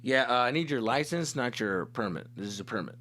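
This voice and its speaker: A man's voice: mid-range voice, lively intonation, brisk, bright, forceful tone. A man imitating a stern police officer.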